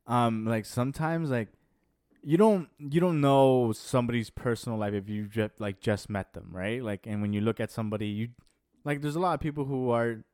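A man rambling through a casual chat with a lot of "like" and "yo". His voice sits at a middle pitch. The recording is dry. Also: normal speed, a little mellow, no echo. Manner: rambling, heavy use of "like" and "yo".

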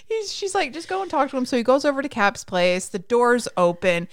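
A woman co-hosts a casual show recap, and her pitch swings widely as she talks. She jokes, laughs a lot and slips into the characters' voices. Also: big pitch swings, brisk, dry recording. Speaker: podcast co-host.

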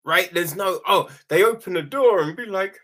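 Brief: male film reviewer, casual critique, husky tone, animated delivery full of "right?" and acted-out bits. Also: sits high. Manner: animated, keeps asking "right?", acts out quick quoted lines, swears freely.

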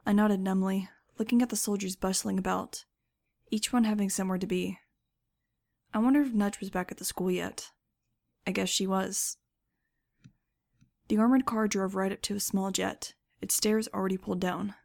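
Woman narrator, first-person audiobook, wry and measured, gravelly voice. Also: medium pitch, fairly even intonation, darkish tone.

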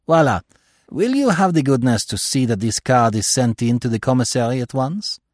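A man voicing a precise older Belgian detective who talks in a measured, grave way with French phrases. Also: mid-range voice, lively intonation, dry recording, studio quality, natural voice. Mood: brisk.

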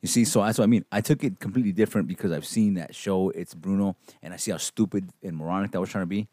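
A man's voice: low voice, fast talker, warm tone, no room sound, clean studio sound. A man co-hosting a casual film-review podcast, talking in slangy, profane speech and teasing his co-host.

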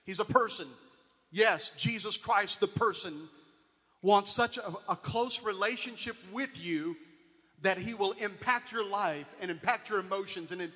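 Male preacher, high bright voice, long hall reverb, questioning congregation. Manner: preaching, rising and falling emphasis, asks the congregation questions. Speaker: pastor. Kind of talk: sermon.

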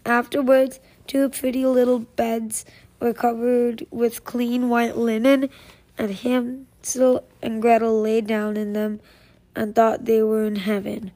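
A woman reading a fairy tale aloud, slow and measured, with small slips and restarts. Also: on the high side, little pitch movement, warm tone. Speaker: storyteller.

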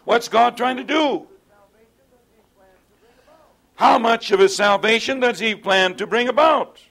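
A man's voice: extremely high pitch, takes it slowly, creaky, a bit bright. A man teaching a Bible study in an earnest lecturing way, often asking rhetorical tag questions of his listeners.

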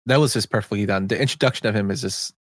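A man's voice: fairly low pitch, rapid-fire, no echo, studio quality. A man co-hosting a podcast, chatting about films in a loose, rambling way and reading out film facts. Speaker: podcast co-host. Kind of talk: casual film chat.

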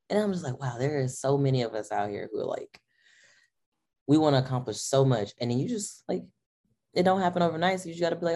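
A woman's voice: deep voice, animated, quick pace, mellow. A young adult woman guesting on a podcast, chatting casually and animatedly, acting out her own remarks and laughing often. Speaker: powerlifter guest.

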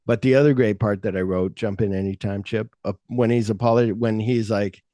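A man's voice: on the low side, fairly quick, dry recording, studio quality. A man hosting a podcast in casual chat, retelling a film script and acting out the lines in a raised voice. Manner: animated storyteller, acts out quotes in a raised voice, swears often. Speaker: podcast host.

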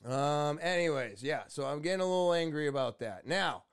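A man's voice: on the high side, expressive, brisk, clear, resonant tone, no echo, clean studio sound. A man hosting a podcast, talking in a rambling, blunt way with swearing and lots of fillers. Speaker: podcast host. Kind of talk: casual podcast rant.

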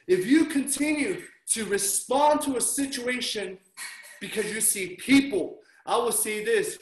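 A man preaching a sermon as pastor, telling stories with animated delivery and acting out his own reactions. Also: high-pitched. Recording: roomy echo.

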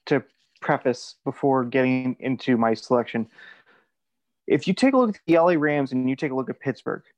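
A man's voice: mid-range voice, a little mellow, no room sound, low-quality recording. A man on a sports talk panel, laying out his pick as a methodical, structured argument. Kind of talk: casual sports chat.

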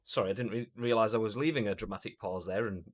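A man's voice: lowish voice, fast. A young English man hosting a gaming news stream in a casual, jokey chat. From England. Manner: animated, jokey, puts on silly voices. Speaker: gaming news show host.

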